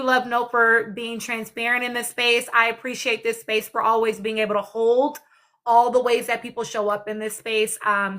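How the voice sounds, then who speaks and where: Woman, live panel host, bright voice, earnest, folksy y'all. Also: on the high side. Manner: earnest, reflective, says y'all.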